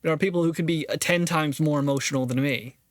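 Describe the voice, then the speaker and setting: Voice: mid-range voice, fast, no echo. A podcast host giving earnest, reflective solo commentary on a philosophy text, thinking aloud and restarting phrases often.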